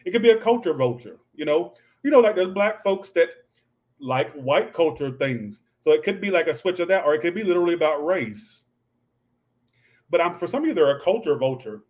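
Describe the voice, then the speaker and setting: A man's voice: a little high, animated, brisk, darkish tone, highs cut off. A man doing a casual livestream tarot reading, talking in a snappy, profane, ranting way. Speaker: tarot reader.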